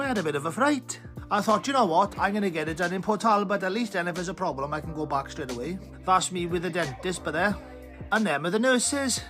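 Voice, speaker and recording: A man with a South Welsh accent rants to camera in a sweary comic monologue, his voice sitting notably high for a man. He sounds exasperated and loud-mouthed, with faint music playing underneath. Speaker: comedy TikTok creator.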